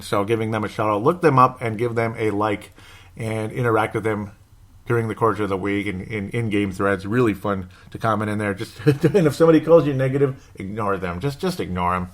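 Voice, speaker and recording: A man chats through a casual fan podcast. His voice sits a little low. He rambles from one thought to the next and reads listener comments aloud as he goes. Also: a bit bright. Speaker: podcast host.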